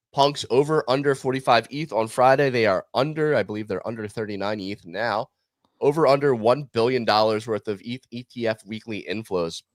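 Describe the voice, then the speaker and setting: Low-voiced man hosting a casual podcast. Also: no echo. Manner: upbeat, runs a prediction game with quick asides. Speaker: podcast host.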